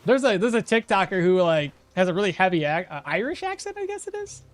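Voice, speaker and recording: A man's voice: high-pitched, sing-song, fast talker, no echo. A man streaming a game, talking casually and rambling to his viewers, often correcting himself mid-sentence. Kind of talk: casual gameplay commentary.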